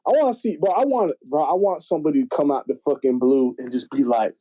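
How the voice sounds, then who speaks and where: A young man in casual podcast chat, telling stories in an animated, slangy, profane way. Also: fairly high pitch, fast, hardly any pauses, rough recording. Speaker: podcast guest.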